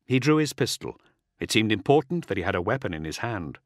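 A male audiobook narrator reads with dramatic, expressive delivery. His low voice swings widely in pitch. The recording is dry and close, with no room sound. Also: a little fast, no room sound. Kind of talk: scripted narration.

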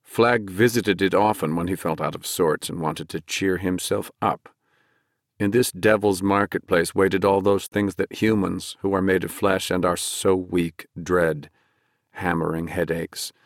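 A man narrating a dark fantasy audiobook in a measured, dramatic storytelling manner. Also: low voice, no room sound, clean studio sound.

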